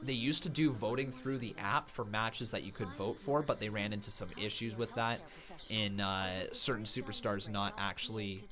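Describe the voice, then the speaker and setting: A man hosting a live wrestling watch-along stream. He reacts loudly to the action and chats with viewers in between. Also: fairly low pitch, normal speed. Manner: excitable, bursts into shouting calls; chatty, thanks viewers from live chat.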